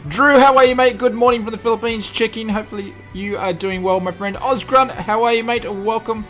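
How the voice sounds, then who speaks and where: Aussie guy streaming, high voice, cheery, welcoming everyone in chat over quiet music. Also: fairly even intonation, fairly quick. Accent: Australian. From Australia. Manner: upbeat, greets chat viewers one by one with repeated welcomes. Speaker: livestream host. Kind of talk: casual livestream chat.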